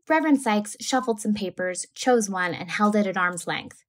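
A woman teacher reading a novel aloud to a class with a steady, clear delivery. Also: mid-range voice, moderate pace.

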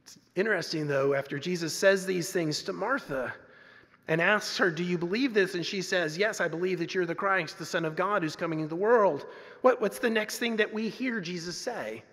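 High-voiced man preaching in a reverberant church. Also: moderate pace. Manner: earnest preaching, swinging from loud emphasis to hushed softness. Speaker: pastor. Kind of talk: sermon. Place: church sanctuary. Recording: long reverb of a church sanctuary.

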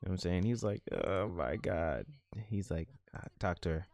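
Brief: male gaming host with a low voice, dry close mic, casual slangy commentary. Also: quick pace, dry recording. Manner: animated, slangy, laughs at his own jokes. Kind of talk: casual let's-play commentary.

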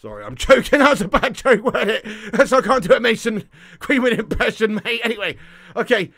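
A young man casually chatting on a game live stream, jokey and quick to laugh. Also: extremely high pitch, big pitch swings, bright, forceful tone.

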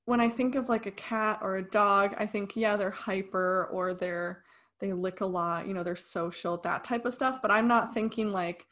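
A young woman talks through a film review on a podcast, and her talk is chatty and opinionated. Her voice sits at an ordinary middle pitch. She drops into dry sarcasm now and then. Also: normal speed. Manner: animated, opinionated, sarcastic asides. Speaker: podcast co-host. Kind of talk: casual film review chat.

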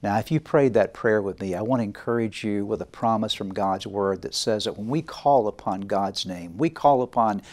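A man preaching a sermon as pastor, leading the congregation in call-and-response declarations and stretching key phrases slowly for emphasis. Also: on the low side, darkish tone. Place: church sanctuary. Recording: long reverb of a church hall.

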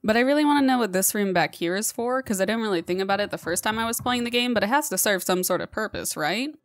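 A woman's voice: medium pitch, fast talker, no room sound, studio quality. Chatty woman narrating her gameplay. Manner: chatty, coaxing the game monster like a pet; frequent laughter. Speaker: gaming channel host. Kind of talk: let's play commentary.

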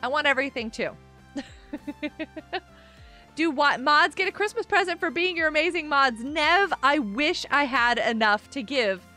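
A woman's voice: sits high, animated, normal speed, bright, forceful tone. A woman live streamer chatting casually with her viewers, giggling often and reading the chat aloud. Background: faint music.

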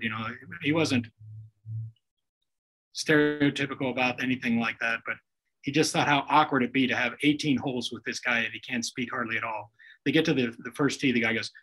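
A man's voice: medium pitch, fairly even intonation, fairly quick, a bit bright, slightly rough, rough recording. Folksy man telling stories. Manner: folksy anecdotes with acted-out quotes. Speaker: guest author telling stories. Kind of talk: storytelling on a video call. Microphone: video call.

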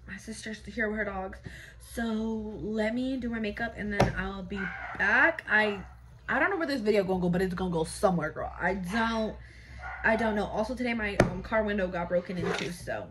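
A young female vlogger with a medium-pitched voice chats casually to camera at normal speed, speaking straight to viewers and sometimes dropping to a whisper. Filmed at home and in a club dressing room, the clip has a noisy background.

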